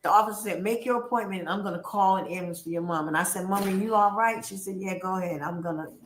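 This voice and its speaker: A woman's voice: medium pitch, fast talker. A woman on a livestream telling a family story with emphasis, acting out the voices of the people she quotes. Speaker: guest on a livestream. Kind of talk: animated storytelling. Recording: roomy echo.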